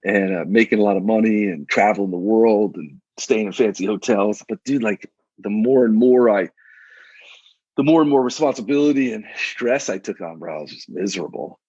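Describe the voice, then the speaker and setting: A man's voice: lowish voice, normal speed, a little mellow, dry recording, highs cut off. A man in his thirties, a coach and guest on a casual podcast, talking in a laid-back, slangy way with frequent restarts.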